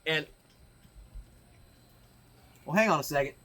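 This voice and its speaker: A high-pitched man with a bright, tense voice hosts a backstage interview. He talks in a casual, upbeat way as he brings in the new champion. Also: slow pace.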